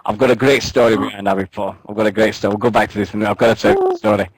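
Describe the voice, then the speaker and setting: A man's voice: fairly low pitch, sing-song, racing, breathy edge, no echo, poor audio. A man co-hosting a wrestling radio show, bantering casually, joking and swearing as he rambles through stories.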